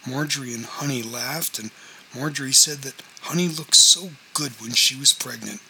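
A man narrating a novel as scripted audiobook reading, in a measured, even storytelling manner. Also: mid-range voice, a little hiss or hum, poor audio.

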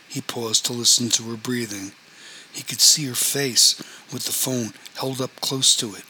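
Bright-voiced man narrating a story. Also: mid-range voice, fairly even intonation, a little slow, a little hiss or hum, poor audio. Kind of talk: audiobook story reading.

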